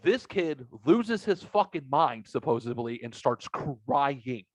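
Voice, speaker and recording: Speaking slowly in a mid-range voice, a male podcast host spins out a long, rambling, profane tale in a casual, animated way. The sound is dry and dull, with a lo-fi quality.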